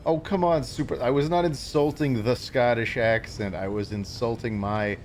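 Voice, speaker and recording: A man's voice: mid-range voice, steady tone, moderate pace, slight background noise. A man streaming a video game live, giving playful, self-mocking casual commentary. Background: game music.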